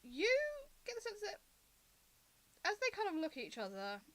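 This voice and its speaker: A woman narrating as game master of a tabletop game, lively and laughing, with frequent ums. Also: very high-pitched, moderate pace.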